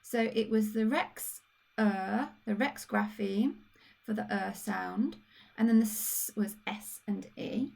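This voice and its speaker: Gravelly Brummie woman teaching phonics. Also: mid-range voice, a little mellow. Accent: Birmingham (Brummie). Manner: patient, encouraging, spells out sounds slowly. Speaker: primary school teacher. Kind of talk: recorded phonics lesson for young children.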